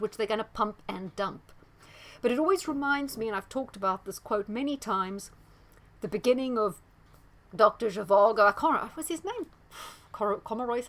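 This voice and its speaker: A woman talking straight to her viewers in a loose, unscripted monologue. She leans hard on key words and keeps breaking off into asides and quick impressions of other people. Her pitch sits right in the middle for a woman. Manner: emphatic, animated, with many asides and quoted voices. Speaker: astrologer presenting commentary. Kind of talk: casual monologue commentary.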